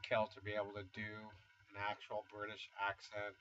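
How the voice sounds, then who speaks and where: A man in his fifties from the United States rambles casually and self-deprecatingly in a vlog from his home studio, dropping chuckling asides. His voice is on the low side, monotone, and at normal speed, with a pushed, bright sound whose highs are cut off.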